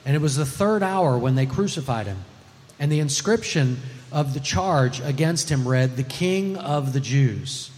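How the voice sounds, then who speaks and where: A man giving a measured, solemn scripture reading during a church service. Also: a little high, long reverb tail. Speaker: scripture reader.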